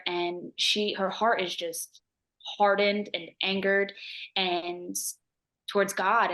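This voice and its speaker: A woman sharing a personal story in a casual interview, animated and acting out what others said. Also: medium pitch. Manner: animated, acts out quoted voices, laughs often. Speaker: mission trip member.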